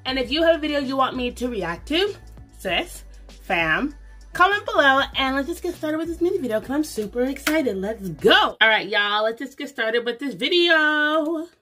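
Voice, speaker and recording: A woman's voice: high-pitched, lively intonation, normal speed. A young woman hosting a casual reaction vlog, bubbly and hyped up, filling her talk with "like". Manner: bubbly, hyped-up, lots of "like" and "get it". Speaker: reaction video host. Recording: music video playing loudly behind.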